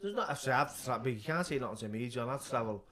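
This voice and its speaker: A man's voice: medium pitch, expressive, a little fast. A man with a Liverpool accent hosting a casual podcast chat, rambling and restarting his sentences. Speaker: podcast host. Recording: crowd noise behind.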